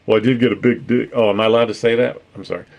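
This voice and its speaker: A man's voice: mid-range voice, fairly even intonation, racing, gravelly, darkish tone. A man chatting casually with viewers on a stream, rambling, swearing freely and laughing often, with no particular accent. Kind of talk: casual livestream chat.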